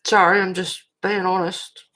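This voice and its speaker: A low-voiced Australian woman hosts a colouring livestream in a casual chat. She rants bluntly and swears freely, breaking off to answer chat messages. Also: little pitch movement, measured pace, pushed and bright. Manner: reacts to chat messages with laughs.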